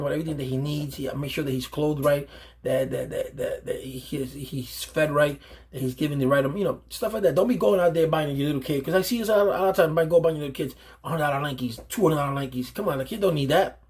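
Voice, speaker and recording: Husky-voiced man giving earnest advice. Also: a little high, fast talker, darkish tone. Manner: earnest, emphatic, repeats and restarts phrases. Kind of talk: unscripted advice monologue.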